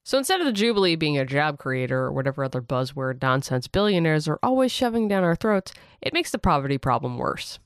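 A podcast host narrating history with wry, deadpan comic asides. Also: mid-range voice, a little fast, hardly any pauses, clear, resonant tone, no echo, clean studio sound.

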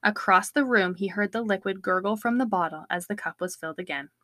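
A woman co-hosting a podcast, reading a true-crime book excerpt aloud in a steady, measured way on a close studio mic. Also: mid-range voice, dry recording. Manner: steady, measured storytelling read. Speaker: podcast co-host.

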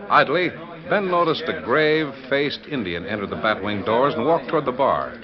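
A man's voice: mid-range voice, very animated, normal speed, few pauses, crowd noise. A man giving scripted dramatic narration for a radio western. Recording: dull old radio recording with music.

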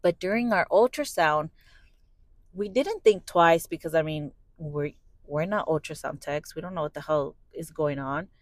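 A woman's voice: deep voice, moderate pace, no echo, rough recording. A young adult woman hosting a podcast, candidly telling a personal story, swearing freely and acting out what people said. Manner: candid, swears freely, acts out quoted dialogue. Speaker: podcast host.

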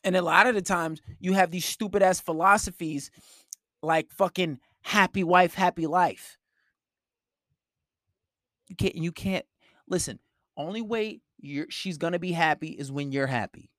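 A blunt, foul-mouthed man lectures on dating in a dry, close recording. His voice sits high for a man and stays forceful and direct. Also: a little slow, pauses often, no echo. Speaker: relationship advice host. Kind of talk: blunt advice monologue.

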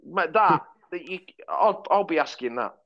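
A man's voice: on the high side, moderate pace. Wry male pundit on a dull line. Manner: wry, deadpan jokes and mock rants. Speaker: podcast pundit. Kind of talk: casual chat.

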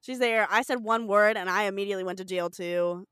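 A woman's voice: mid-range voice, a bit bright, clean tone, dry recording, clean studio sound. A woman in her twenties co-hosting a podcast, laughing often and rattling off episode details in casual chat. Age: 20s. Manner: giggly, reads episode details quickly. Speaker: podcast co-host.

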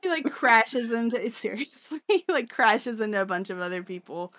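A woman's voice: on the high side, lively intonation, normal speed, fairly bright tone, no echo. A woman co-hosting a podcast, recapping a manga in loose, profane casual chat and acting out the characters' lines. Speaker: podcast co-host.

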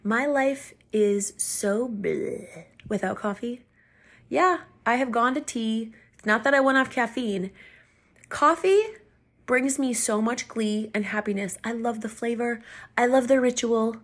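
Animated chatty woman storyteller. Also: on the high side, unhurried. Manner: chatty and animated, laughing often. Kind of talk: casual storytelling.

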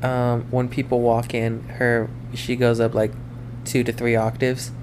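A podcast co-host in casual chat who makes dry, offhand remarks and now and then mimics high voices. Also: completely flat delivery, a little slow, a little mellow, slight background noise.

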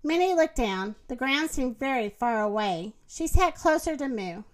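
A woman reading a children's picture book aloud in an expressive, unhurried way. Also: sits high. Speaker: storybook reader.

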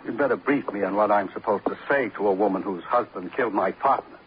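A man's voice: on the low side, fast talker, a little hiss or hum, lightly acted. An actor playing an arrogant toy company boss who blusters and then begs for his life in an old radio drama. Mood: indignant. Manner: indignant and blustering, breaking into terrified pleading. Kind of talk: 1940s radio acting. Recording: muffled old radio broadcast.

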